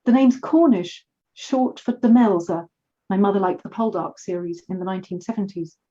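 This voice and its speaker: A woman's voice: medium pitch, normal speed, warm tone, dull audio, natural voice. A woman voicing a guarded, dry-humoured woman who is often recognised, in a story reading.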